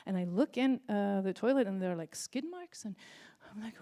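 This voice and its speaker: A woman in her forties with an Icelandic accent, performing a stand-up routine on a convention stage with deadpan storytelling. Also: medium pitch, brisk, hardly any pauses. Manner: deadpan storytelling with exaggerated quoted voices. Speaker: stand-up comedian. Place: convention stage before an audience.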